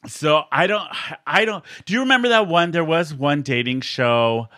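A man's voice: on the high side, normal speed, pushed and bright, no echo, clean studio sound. A man in his forties hosting a casual podcast chat, teasing his co-hosts and laughing often. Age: 40s. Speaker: podcast host. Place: San Diego studio.

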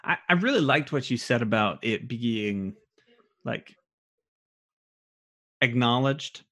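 Male podcast co-host, relaxed, filler-heavy speech, mid pitch. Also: slow pace. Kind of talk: casual podcast conversation.

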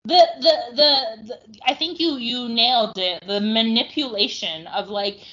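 A woman's voice: fairly high pitch, unhurried, bright, forceful tone, lo-fi sound. A woman co-hosting a podcast in casual chat, blunt and exasperated, swearing freely. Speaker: podcast co-host.

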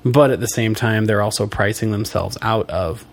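A man co-hosting a podcast in casual chat, relaxed, filling in and correcting details and sometimes trailing off mid-sentence. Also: on the low side, moderate pace, a little hiss or hum. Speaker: podcast co-host.

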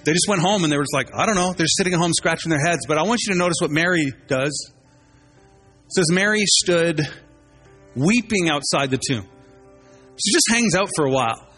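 A man preaching in a loose, conversational style, slipping into quick voices for the people he talks about. His voice sits a little high for a man, and soft music plays behind him. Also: slightly rough. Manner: animated, conversational, acts out voices of biblical figures. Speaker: pastor. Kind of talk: sermon.

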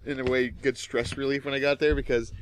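Casual podcast co-host, young man, profane storyteller, middle pitch. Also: little pitch movement, fairly quick, slight background noise. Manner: swears constantly, shouts out quoted rants.

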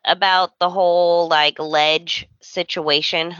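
Slow-talking bright woman on a podcast. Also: fairly low pitch, flat delivery, smooth, no room sound, lo-fi sound. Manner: slow, drawn-out, heavy use of "like". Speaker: podcast co-host. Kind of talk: casual soap opera recap chat.

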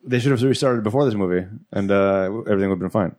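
A man's voice: on the low side, racing, a little mellow. A man co-hosting a casual movie podcast, answering with dry quips. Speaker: podcast co-host.

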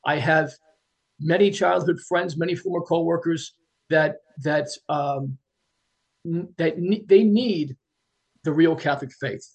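Man, interview guest, gravelly, husky, earnest, plain-spoken. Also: on the high side, steady tone, unhurried. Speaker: guest, retired police officer. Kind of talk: casual interview talk.

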